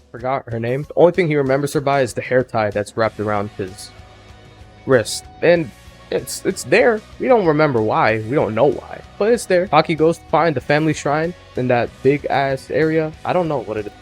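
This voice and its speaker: Irreverent young man swearing through a recap. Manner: irreverent and joking, swears freely; animated, pitch jumps up when excited. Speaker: student presenter. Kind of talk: casual, profane movie plot recap.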